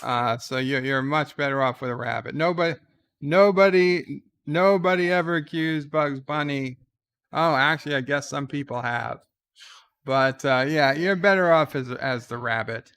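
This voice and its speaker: A man's voice: a little high, moderate pace, a bit bright, smooth. A man hosting a casual livestream, answering viewer letters in a hesitant, joking way, full of "uh" and restarts. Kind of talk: casual live-stream chat.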